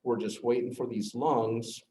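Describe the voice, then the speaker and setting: A middle-aged man teaching a class, earnestly telling a personal story, with his voice dropping low at the hard moments. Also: steady tone, a little slow, warm tone. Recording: echoey classroom, faint noise.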